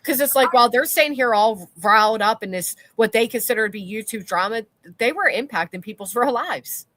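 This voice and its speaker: A woman's voice: on the high side, expressive, fairly quick, a bit bright, no echo. A woman co-hosting a casual commentary chat, blunt and swearing freely as she reads out viewer comments. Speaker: co-host.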